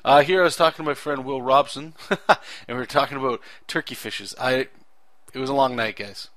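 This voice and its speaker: A man's voice: medium pitch, brisk, fairly bright tone, dry recording. A man talking casually over his own drawing video, rambling earnestly with frequent self-corrections. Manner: earnest and enthusiastic about clear storytelling. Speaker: artist narrating his drawing process.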